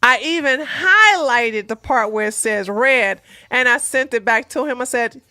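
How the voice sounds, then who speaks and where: A woman's voice: fairly high pitch, lively intonation, unhurried, pushed and bright, no room sound, soft background music. A woman giving casual relationship advice to her viewers, blunt and emphatic, repeating her points in plain, slangy talk.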